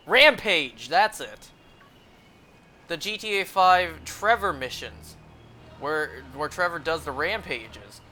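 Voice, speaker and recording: A man's voice: on the high side, bright, forceful tone. A young man streaming live, rambling and musing aloud in casual chat.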